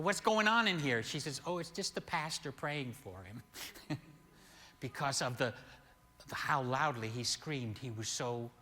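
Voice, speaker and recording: An older man preaching as a pastor, telling a healing story slowly and animatedly, with sudden loud peaks. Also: mid-range voice. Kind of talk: sermon storytelling. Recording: long hall reverb.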